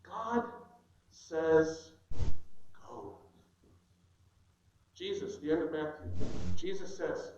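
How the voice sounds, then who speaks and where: A middle-aged pastor delivering an animated sermon, acting out children's whiny excuses. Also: male voice, a little high, very slow, pauses often, a little hiss or hum. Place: church sanctuary. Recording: echoey church sanctuary, dull sound.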